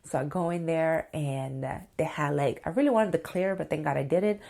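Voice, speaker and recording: A chatty woman vlogger in her thirties tells a story straight to camera. Her voice sits a little low, and she gets excitable, filling her sentences with "like" and calling out to her viewers. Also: normal speed, vocal fry. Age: 30s. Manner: excitable and chatty, full of "like" and "you guys".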